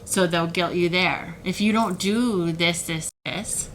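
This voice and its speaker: Heated, animated woman talking to camera. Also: lowish voice, slow pace, slight background noise, low-quality recording. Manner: heated, animated, mocking quoted voices. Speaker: self-help video creator. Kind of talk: emotional direct-to-camera talk.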